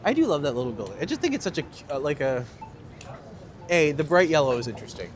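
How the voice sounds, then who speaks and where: Man, tour guide host, walking outdoors, lively up-and-down voice, slightly high, joking banter, faint street sounds. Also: quick pace. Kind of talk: casual walking livestream chat.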